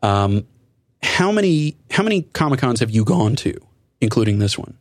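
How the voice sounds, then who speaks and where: A man hosting a casual podcast chat, talkative and relaxed, with wry asides. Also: mid-range voice, moderate pace, dry recording, studio quality. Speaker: podcast host.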